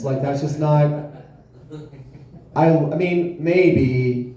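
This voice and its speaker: A man's voice: fairly high pitch, slow pace, pauses often. Man doing stand-up in an echoey club. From South Florida. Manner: deadpan, self-deprecating storytelling. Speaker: stand-up comedian. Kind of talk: stand-up comedy set. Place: comedy club stage.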